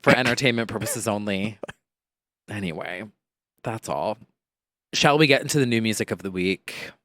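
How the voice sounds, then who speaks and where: A man's voice: on the low side, moderate pace, a bit bright, dry recording, clean studio sound. A man co-hosting a pop culture podcast, chatting in a playful way and laughing often. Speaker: podcast co-host. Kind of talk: casual chat.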